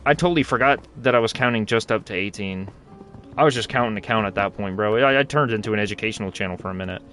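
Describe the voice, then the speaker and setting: A young gaming channel host with a lowish, slightly bright voice talks fast as he plays, rambling along with slang and jokes. Game music runs in the background.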